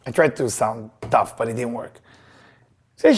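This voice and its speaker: A man teaching Kabbalah to a live audience, telling personal stories in an emphatic, animated way with loose grammar. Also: medium pitch, moderate pace, long pauses, breathy edge. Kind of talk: lesson with personal storytelling.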